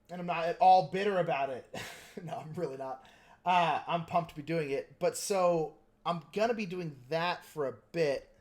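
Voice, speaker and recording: A man hosting a casual livestream, talking in a rambling, joking way with plenty of filler words. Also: sits high. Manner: joking, self-mocking. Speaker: livestream host painting miniatures.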